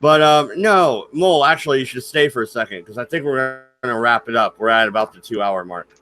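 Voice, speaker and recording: A man's voice: medium pitch, a little fast. A man hosting a casual stream, joking and laughing often while he chats with his co-hosts. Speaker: stream host. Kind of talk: casual banter chat.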